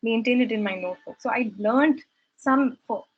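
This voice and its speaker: Brief: young woman, husky and fairly high, earnest reflective testimony, lo-fi dull sound. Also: moderate pace. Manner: earnest, reflective storytelling with hesitant restarts. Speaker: satsang speaker sharing her story. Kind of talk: personal testimony talk.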